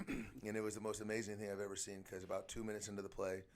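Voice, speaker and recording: A middle-aged man, hosting a casual podcast and telling lively coaching anecdotes. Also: on the low side, quick pace. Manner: chatty storyteller, animated anecdotes. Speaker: podcast host, shooting coach.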